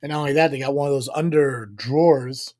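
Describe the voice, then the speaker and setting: A man's voice: mid-range voice, steady tone, a little fast, a little mellow, dry recording, studio quality. Rambling, profane podcast co-host man. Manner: rambling, profane, many fillers. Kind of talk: casual live podcast chat.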